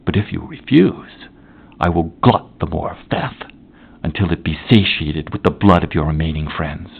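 A man voicing an anguished, towering male creature in a dramatic audiobook reading, speaking in a solemn, archaic, slow and grave manner. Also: low-pitched, animated, gravelly, husky, phone-quality sound, heavily acted. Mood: menacing.

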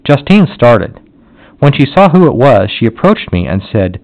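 A man narrating a classic novel in a solemn, measured way. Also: medium pitch, sing-song. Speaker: audiobook narrator. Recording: dull lo-fi audio.

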